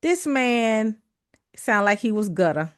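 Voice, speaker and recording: Woman, podcast host, high voice, dry close sound, reactive murmurs. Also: big pitch swings, slow, no echo. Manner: reactive, frequent affirming murmurs. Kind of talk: interview chat.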